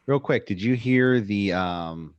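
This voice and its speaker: A man's voice: fairly low pitch, slow, clean tone, dry recording, muffled recording. A man hosting a podcast, chatting casually and recapping wrestling events in a chatty, easily amused way. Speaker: podcast host.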